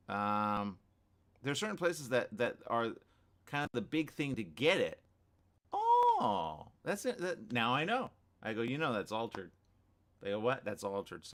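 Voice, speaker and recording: A man hosting a radio morning show, reading news stories aloud with joking commentary and frequent laughter. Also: medium pitch. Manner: animated, laughing, repeats phrases.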